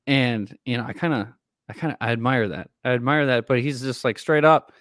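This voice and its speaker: A male podcast co-host in a casual chat, telling animated stories and laughing along. His voice is recorded dry and close, with no room echo. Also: mid-range voice, fairly quick.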